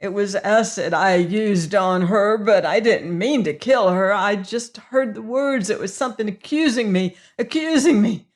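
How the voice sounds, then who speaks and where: A woman's voice: mid-range voice, a little slow, hardly any pauses, lightly acted. A woman reading an audiobook, voicing a hysterical male prisoner who shrieks and gasps out repeated cries. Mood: shaken.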